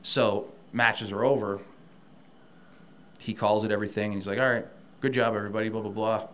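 A man guest telling a story in casual chat, animated and profane, and he gets heated. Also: on the low side, fairly quick, slight background noise. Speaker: podcast guest, wrestler.

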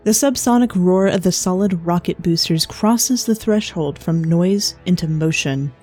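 A woman narrates a story in a measured, even manner. Her voice is low and mellow. Faint music plays under her.

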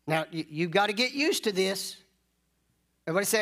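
A man preaching a sermon, leading call-and-response and drawing out key phrases slowly. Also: high voice, sing-song, fairly bright tone. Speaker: pastor.

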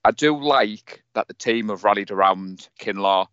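A man's voice: on the low side, moderate pace, fairly bright tone, smooth, dry recording, muffled recording. A man with a Teesside accent co-hosting a casual sports chat, talking in a joking, self-mocking way. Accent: Teesside English. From North East England. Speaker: podcast co-host.

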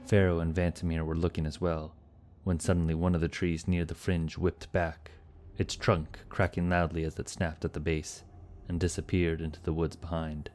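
A man giving steady, scripted narration of a fantasy adventure story. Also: sits low, moderate pace.

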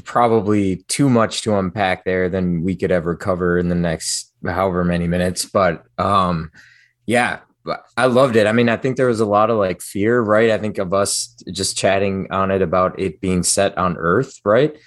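A man's voice: low voice, steady tone, moderate pace, no echo, studio quality. A man co-hosting a podcast, rambling hesitantly with many fillers. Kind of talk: casual podcast chat.

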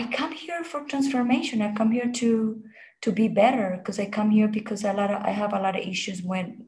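Halting, lower-voiced woman telling her story. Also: darkish tone. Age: adult. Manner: halting, many restarts and repeated words. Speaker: interview guest. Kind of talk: personal storytelling.

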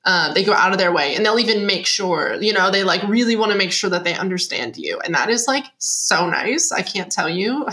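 A woman's voice: mid-range voice, lively intonation, fairly quick, few pauses, pushed and bright. A young adult woman, a guest on an interview show, chatting casually with lots of fillers and frequent laughter. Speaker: podcast guest, digital nomad writer.

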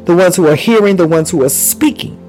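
A man's voice: high voice, fairly quick, darkish tone, soft background music, rough recording. A man preaching a charismatic sermon, fervent and repetitive, with bursts of praise and speaking in tongues. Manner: exclaims praise often.

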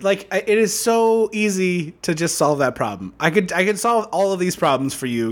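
Sex: man. Role: podcast co-host. Style: casual film-recap chat. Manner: excitable, joking, laughing often. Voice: high and very animated. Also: normal speed, hardly any pauses.

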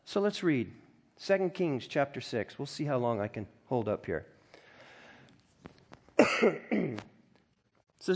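A man preaching a sermon as pastor, reading scripture aloud and commenting on it in a lively, conversational way, often clearing his throat. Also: a little high, moderate pace.

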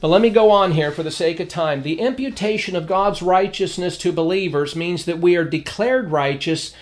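A man with a notably high voice delivers a theology lesson. He speaks emphatically, repeating his main points and citing scripture references. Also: moderate pace. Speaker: Bible teacher. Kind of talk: theology lecture.

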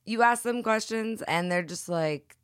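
A woman's voice: medium pitch, unhurried, no echo. A young woman joining a podcast chat, making dry, wry remarks. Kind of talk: casual chat.

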